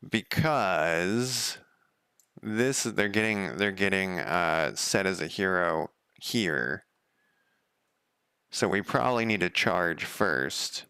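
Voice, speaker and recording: A man's voice: deep voice, creaky, bright, forceful tone, clean tone, dry recording. A man developing a game on a live stream, chatting casually and rambling off on tangents as he thinks aloud. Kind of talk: casual live coding chat.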